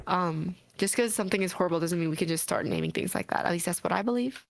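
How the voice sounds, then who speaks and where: A woman co-hosting a live stream, talking in an animated, emphatic casual way. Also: fairly low pitch, fast talker, creaky. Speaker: co-host. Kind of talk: casual chat.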